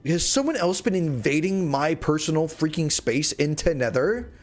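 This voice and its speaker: A man's voice: on the high side, animated, normal speed, faint music behind. A man chatting casually to his viewers on a live gaming stream, rambling and joking as he plays. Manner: rambling, jokey, talking to chat while playing.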